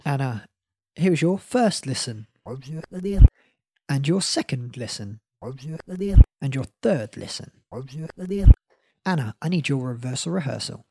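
Slow, husky male game host. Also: no room sound. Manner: slow, lively pitch, laughs often. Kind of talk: playful game-show chat.

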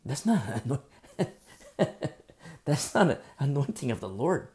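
A man preaching a sermon as pastor, emphatic and repetitive, swinging between loud bursts and hushed asides. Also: mid-range voice, sing-song, unhurried. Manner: repetitive, with frequent fillers.

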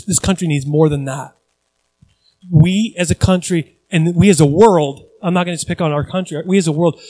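Animated high-voiced young male preacher. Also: low-quality recording. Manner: animated, builds to loud emphatic preaching; conversational asides with restarts. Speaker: pastor. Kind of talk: sermon.

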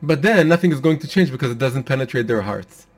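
A man's voice: medium pitch, expressive, quick pace. A man giving a weekly Torah class, teaching in an earnest, emphatic way.

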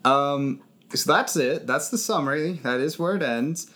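A man co-hosting a podcast, recapping a movie in a jokey way and often breaking into silly voices. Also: unhurried. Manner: animated, jokey, jumps into squeaky character voices. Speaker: podcast co-host. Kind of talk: casual movie recap chat.

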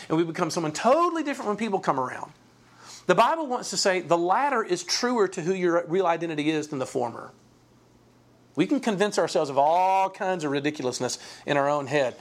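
In an informal class, a Bible teacher speaks conversationally at a medium pitch, often repeating words and checking in with rhetorical questions.

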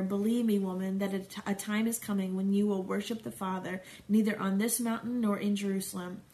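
A woman's voice: mid-range voice, darkish tone. A middle-aged woman reading scripture aloud and stopping for chatty, conversational commentary as a Bible study teacher.

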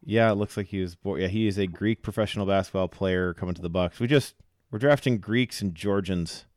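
Guy cohosting a sports podcast, kinda low voice, jokey, dry close sound. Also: fairly quick, a little mellow, no room sound. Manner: joking, laughs often. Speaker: podcast co-host. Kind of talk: casual sports chat.

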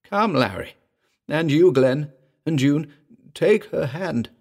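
A grieving man pleads through tears, voiced by a male narrator. His voice jumps high and strains with emotion, keeping a gravelly texture. It is a storybook reading. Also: expressive, slow pace, darkish tone, full character voice. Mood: trembling. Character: grieving older man, weeping, desperate.

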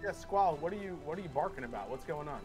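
A man's voice: fairly high pitch, expressive, quick pace, music in the background. A man playing a tabletop game, joking casually. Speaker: player.

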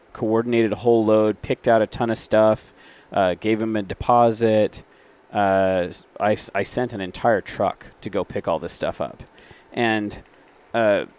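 A man's voice: lowish voice, a little mellow, clean tone. A man, a business owner, telling stories in a casual interview, rambling with frequent fillers and self-corrections. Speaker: guest, reclaimed wood business owner.

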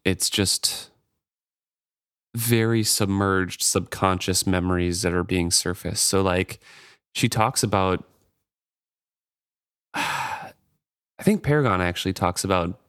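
A man's voice: low voice, takes it slowly, pauses often, a bit bright, clear, resonant tone, dry recording, clean studio sound. A man co-hosting a book podcast, musing and thinking aloud in casual talk. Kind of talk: casual chat.

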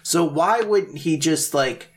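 A man's voice: a little high, slow pace, slight background noise. A man co-hosting a podcast in casual chat, telling a story animatedly and acting out other people and sound effects. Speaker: podcast co-host.

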